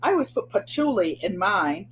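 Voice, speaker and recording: A woman's voice: mid-range voice, very animated, normal speed, a bit bright, a little hiss or hum. An older woman hosting a sewing and crafts channel, chatting casually to viewers in a rambling way and often repeating herself. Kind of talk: casual live chat.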